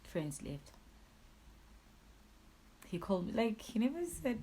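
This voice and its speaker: A young woman telling a painful personal story in a raw, emotional way, her voice swinging from hushed to loud. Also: on the high side, sing-song, slow pace, a little hiss or hum, low-quality recording. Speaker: YouTuber.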